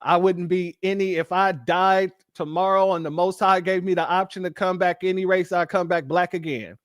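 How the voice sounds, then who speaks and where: A man from Los Angeles hosting a casual livestream, talking in an animated way and jumping into a high playful voice when he quotes people. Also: normal speed, clean tone, dry recording, studio quality. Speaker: livestream host.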